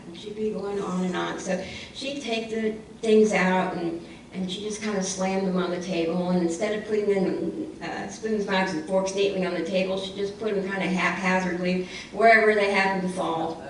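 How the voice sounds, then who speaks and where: A woman telling a story to children at church, expressive and lively, repeating lines for emphasis. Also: medium pitch, normal speed, slight background noise. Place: church hall. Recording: echoey church hall from far off.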